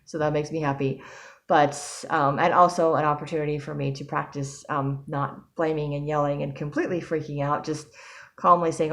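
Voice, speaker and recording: A woman's voice: sits low, little pitch movement, normal speed. A young adult woman talking casually in a personal vlog, rambling with frequent ums and restarts. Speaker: vlogger.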